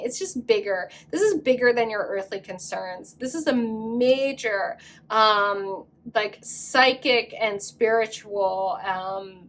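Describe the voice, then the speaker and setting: A woman giving a pick-a-card tarot reading in an effusive, excitable way, full of gushing exclamations. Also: medium pitch. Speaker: tarot reader.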